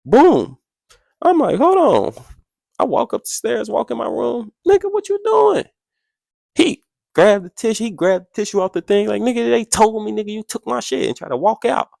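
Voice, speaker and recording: A young man, a podcast guest, telling a story in an animated way, acting out quotes in a much higher voice and adding sound effects. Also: fairly quick, gravelly, dry recording, studio quality.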